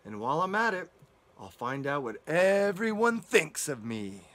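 A man voicing a vain, self-satisfied male wolf in a children's storybook, sly and smooth. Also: fairly high pitch, big pitch swings, a little slow, a bit bright. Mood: smug. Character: smug vain male wolf, full from dinner.

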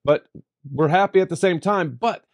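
A man hosting a software tutorial, talking emphatically and playfully, with sudden jumps in pitch for emphasis. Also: normal speed, no room sound, clean studio sound. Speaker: tutorial host. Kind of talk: screen-recorded software tutorial.

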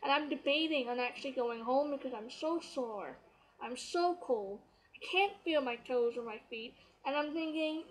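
A woman's voice: sits high, moderate pace, low-quality recording. A young woman from Canada chatting animatedly through a personal story, full of fillers. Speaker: vlogger.

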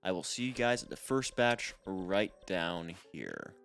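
A low-voiced man narrating his own gameplay in a loose, rambling way, poking fun at himself as he goes. Game music plays clearly underneath his talk. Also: animated, a little slow, a bit bright. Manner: rambling, self-deprecating, talks to viewers. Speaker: let's play host. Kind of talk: casual gameplay commentary.

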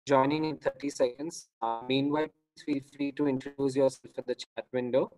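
A man's voice: medium pitch, steady tone, a little fast, a little mellow, no echo, low-quality recording. Dry, reassuring webinar host, male. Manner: apologetic, reassuring. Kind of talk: hosting a live webinar. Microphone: video call.

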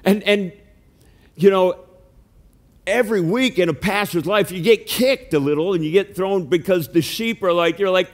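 A man pastor preaching a sermon in a church, earnest and animated, sometimes acting out calls to his flock. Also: high-pitched, normal speed. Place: church sanctuary.

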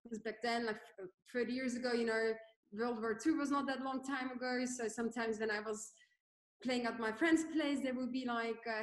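A woman's voice: on the high side, steady tone, normal speed. A woman in her thirties with a Dutch accent, chatting casually as a panel guest, full of "like" fillers. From Netherlands. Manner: chatty, many "like" fillers, laughs easily. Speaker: guest entrepreneur. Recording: echoey room.

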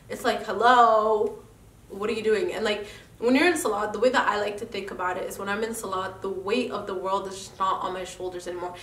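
A woman's voice: medium pitch, a bit bright, slight background noise. A young woman talks earnestly to her viewers, encouraging them in a casual faith chat. Her nose is stuffed up. She sits a little back from the mic in a roomy, echoey space. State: congested nose. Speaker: vlogger host. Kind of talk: casual motivational faith talk. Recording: echoey room, mic at a distance.

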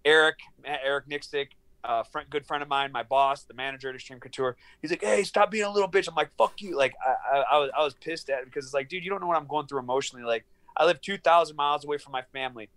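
A man in his thirties on a video call from his small studio apartment, telling a long story in an animated, profane way and acting out the dialogue. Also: mid-range voice, fast talker, few pauses. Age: 30s. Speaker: guest, professional fighter. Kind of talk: casual storytelling interview.

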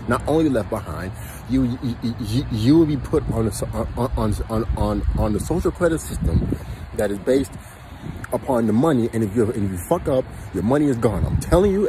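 A man's voice: medium pitch, background noise. A man ranting as a vlogger, swearing constantly, repeating himself and laughing between lines. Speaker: astrology and crypto vlogger. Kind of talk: excited profane rant.

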